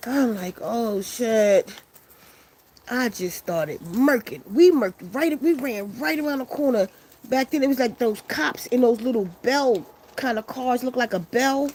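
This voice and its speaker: A woman's voice: fairly high pitch, a little hiss or hum. Profane woman telling a story. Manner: loose, profane, animated retelling with quoted voices. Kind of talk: casual storytelling to viewers.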